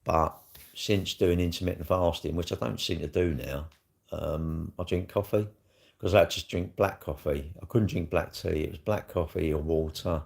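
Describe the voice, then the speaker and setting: There's a very deep, gravel-edged voice here, belonging to a middle-aged man with a South East London accent who's live streaming. He chats in a blunt, rambling, unscripted way, swearing freely, his tone steady and a little mellow at normal speed.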